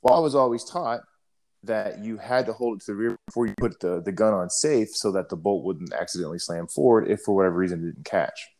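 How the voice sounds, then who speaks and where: A man's voice: lowish voice, quick pace, darkish tone. A middle-aged man and army veteran in casual chat, telling profane stories full of quoted dialogue. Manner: laid-back, profane storytelling with quoted dialogue.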